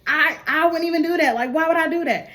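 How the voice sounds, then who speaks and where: A woman's voice: very high voice, fast, bright, forceful tone, pitched above the performer's own voice. A woman voicing a nervous man who pleads and denies stealing. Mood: pleading. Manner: pleading, defensive.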